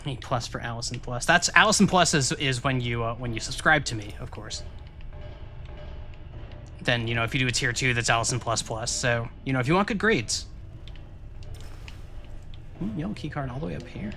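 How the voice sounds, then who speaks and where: A man's voice: mid-range voice, pushed and bright. A man commenting casually on a game he is playing live, talking to his chat and musing aloud. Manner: chatty, musing aloud, quick laughs. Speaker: live streamer.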